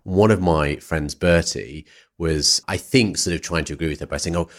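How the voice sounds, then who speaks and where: A man's voice: extremely low pitch, moderate pace. A man hosting a podcast, telling an anecdote in a rambling way with lots of "sort of" and "like". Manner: rambling, hedges a lot with "sort of" and "like". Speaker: podcast host. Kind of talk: casual storytelling interview.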